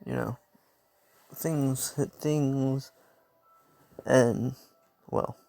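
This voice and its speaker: Gravelly young man rambling through a story. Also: medium pitch, steady tone, very slow, mellow, no echo. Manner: rambling, self-interrupting, laughs at himself. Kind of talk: casual improvised fan story narration.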